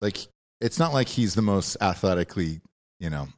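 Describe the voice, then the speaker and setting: A man's voice: sits low, expressive, moderate pace. A man hosting a casual sports podcast, joking around and swearing freely. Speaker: podcast host.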